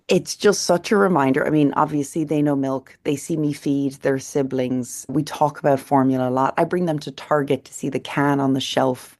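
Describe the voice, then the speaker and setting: A woman's voice: sits low, darkish tone. An Irish woman in her thirties, a company founder answering interview questions as an earnest storyteller with many restarts. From Ireland.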